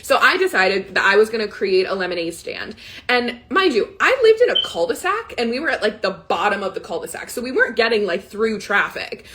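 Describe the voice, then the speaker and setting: A woman's voice: medium pitch, sing-song, fairly quick, fairly bright tone. A woman in her thirties hosting a live money coaching session, telling a personal story candidly and growing tearful, with frequent "like" and "right?". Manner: candid, emotional, often says "right?" and "like". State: tearful, close to crying. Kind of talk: casual live coaching talk.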